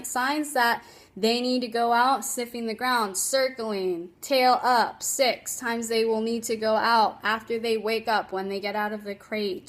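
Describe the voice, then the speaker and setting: A woman with a slightly high voice talks as a dog trainer on a phone livestream. She is chatty and emphatic and laughs often as she gives casual tips. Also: a bit bright.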